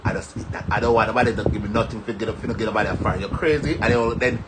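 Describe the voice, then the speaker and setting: A man's voice: lowish voice, rapid-fire, very noisy. A man from Jamaica with a Jamaican accent, chatting casually and animatedly on a live stream, rambling and laughing between stories.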